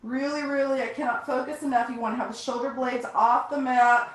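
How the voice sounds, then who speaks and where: A woman's voice: sits high, steady tone, fairly quick. A woman fitness instructor leading a live online workout class over a video call, upbeat and encouraging as she counts down reps. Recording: echoey room, distant from mic.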